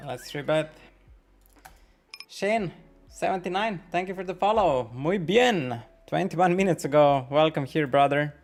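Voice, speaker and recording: Tense, swearing poker streamer, high-voiced. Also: male voice, lively intonation, measured pace, faint music behind. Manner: thinks out loud about hands, swears often, questions his own nerves. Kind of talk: live-stream commentary while playing.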